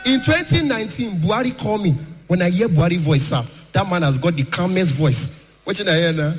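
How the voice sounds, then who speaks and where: A man with a Nigerian accent doing stand-up comedy, telling stories lively and acting out voices. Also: high-pitched, fairly quick, soft background music. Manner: lively storytelling, mixing pidgin, acting out voices. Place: large hall, live audience. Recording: echoey hall, faint noise.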